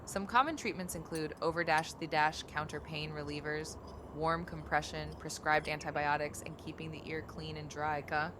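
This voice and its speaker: A woman's voice: sits low, steady tone, moderate pace, background noise, natural voice. A woman voicing a perky, catlike female AI chatbot, reading its replies aloud in a sing-song way on a live stream. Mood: calm. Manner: sing-song, tacks a cute tag onto every sentence.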